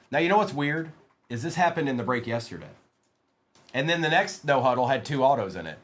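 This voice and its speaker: A man's voice: fairly high pitch, lively intonation, normal speed. A man hosting a live card-break stream, reading out player names as he opens packs and teasing his chat in a playful way. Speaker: livestream card break host.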